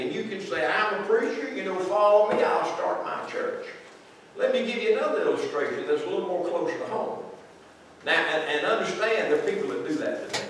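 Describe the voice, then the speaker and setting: A man's voice: high voice, distant mic. A man preaching a conversational, folksy sermon and asking his congregation questions. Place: large echoey church sanctuary. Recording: very echoey church recording from afar, faint noise.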